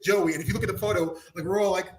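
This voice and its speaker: A man with a fairly high voice tells a wild story as an interview guest. He swears freely, laughs often, and acts out everyone involved with loud, excited shouts. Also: rapid-fire, low-quality recording. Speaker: interview guest, former wrestler. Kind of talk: animated storytelling.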